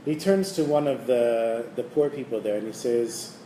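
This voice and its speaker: A man tells a religious tale with animation and plays the people in it. His voice is mellow and sits a bit high. The recording is roomy, with faint hiss. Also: moderate pace. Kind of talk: storytelling. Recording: echoey room, faint hiss.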